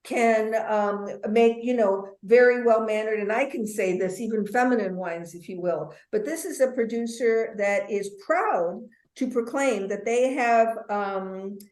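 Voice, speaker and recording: A woman's voice: fairly high pitch, a little slow, few pauses. A woman leading a wine tasting webinar as instructor, talking in a chatty way with playful asides and plenty of ums. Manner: chatty, warm asides, many fillers. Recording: roomy echo.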